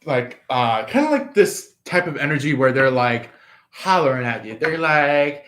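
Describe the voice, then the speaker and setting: A man's voice: mid-range voice, moderate pace, a bit bright. A man giving a casual tarot reading, rambling with many fillers and restarts. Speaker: tarot reader.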